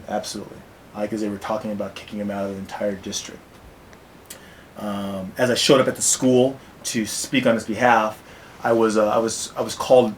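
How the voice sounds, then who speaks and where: A man with a fairly low voice tells his own story with many pauses, fillers and restarts. He sounds like a teacher describing a difficult day. A faint low rumble sits under the recording. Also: low-quality recording. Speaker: teacher recounting an incident. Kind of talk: personal account to camera.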